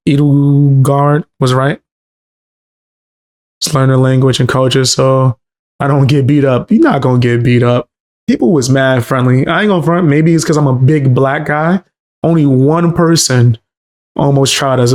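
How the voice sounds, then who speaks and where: A Bronx man with a New York accent tells loose, profane stories during casual chat on a live stream. His mid-range voice has a darkish tone, and he uses street slang.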